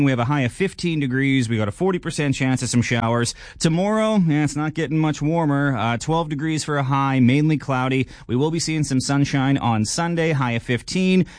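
Relaxed man giving the weather. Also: on the high side, dry recording, studio quality. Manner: relaxed, conversational with fillers. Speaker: weather presenter. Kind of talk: casual radio weather report.

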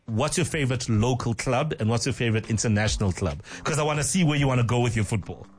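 A man's voice: mid-range voice, quick pace, soft background music. A South African man interviewing a child, enthusiastic and laughing often.

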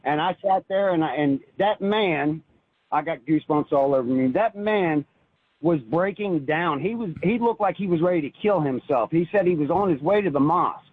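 A man's voice: fairly high pitch, normal speed, husky, no room sound. A man calling in to a talk show who tells his story earnestly and at length, often repeating words when he is stirred up. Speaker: caller. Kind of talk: emotional call-in storytelling. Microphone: phone. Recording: tinny phone line.

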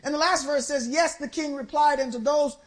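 High-voiced woman preaching a fiery sermon. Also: steady tone. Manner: exhorting, call-and-response with the congregation; swings between slow stressed phrases and quick bursts.

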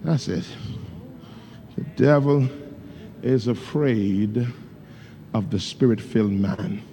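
Speaking slowly in a warm, lowish voice, a pastor delivers a fervent sermon in casual, loose grammar. He tells stories, calls out to the congregation and slips into tongues, with a little hiss or hum in the background.

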